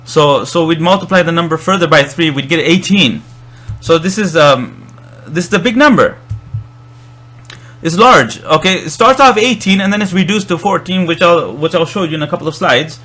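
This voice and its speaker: In a recorded lecture, a man explains Arabic verb grammar, frequently restarting and repeating words while he thinks. His voice is fairly high-pitched and sharp, delivered at a moderate pace.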